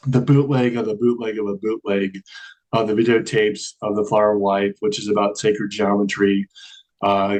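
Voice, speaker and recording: A guest from the Charleston area of the American South tells a long personal story in a casual interview, acting out the dialogue and laughing often. His voice is lowish and a little mellow, and the audio is poor.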